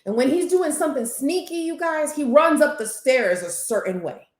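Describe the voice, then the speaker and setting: Lively woman coach, roomy sound. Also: high voice, normal speed. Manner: lively, conversational, acts out inner voices. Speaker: life coach. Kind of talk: group coaching masterclass.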